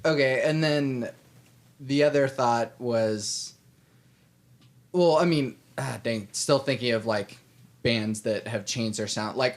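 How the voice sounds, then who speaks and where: A man with an Oklahoma accent hosting a casual podcast, laughing often and hedging his questions. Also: mid-range voice. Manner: unhurried, laughs often, hedges with like. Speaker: podcast host.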